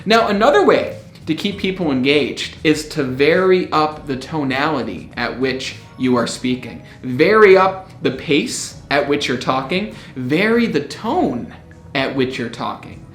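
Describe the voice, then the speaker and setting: A man coaching public speaking to camera in an upbeat way, with rising inflections, often switching between bright and low smooth tones. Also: lively intonation, unhurried. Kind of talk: upbeat instructional talk to camera. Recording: echoey room, faint music.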